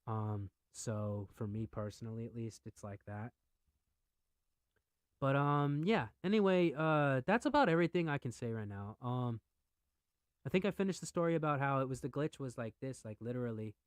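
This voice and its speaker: Profane, excitable young man ranting. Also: mid-range voice, moderate pace, smooth, dry recording. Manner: profane, excitable, swings from mutters to shouting. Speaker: podcast host. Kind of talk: casual rant.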